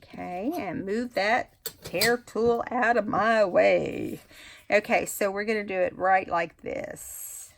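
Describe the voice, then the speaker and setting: A woman's voice: medium pitch, steady tone, slow, vocal fry, slight background noise. A woman talking casually through a craft tutorial, thinking aloud as she works. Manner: chatty, thinks aloud while working. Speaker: craft vlogger.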